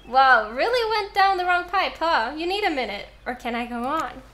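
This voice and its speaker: Giggly high-voiced young woman streamer. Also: animated, slow pace, long pauses, a bit bright, a little hiss or hum. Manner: giggly and playful, chatting with viewers. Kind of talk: live-stream gameplay commentary, reading game text aloud.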